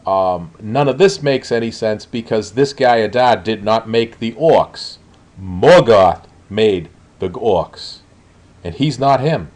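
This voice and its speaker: A man's voice: on the low side, expressive, takes it slowly, darkish tone. A man reviewing a show in a blunt, exasperated way, with frequent ums and uhs. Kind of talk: spoken review.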